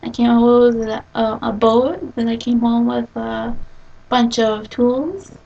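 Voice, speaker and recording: Giggly young woman, gravelly and husky. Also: fairly high pitch, steady tone, slow pace, dark tone, muffled recording. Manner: giggly, rambling storyteller acting out quotes. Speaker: vlogger. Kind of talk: casual chat. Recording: distant from the mic.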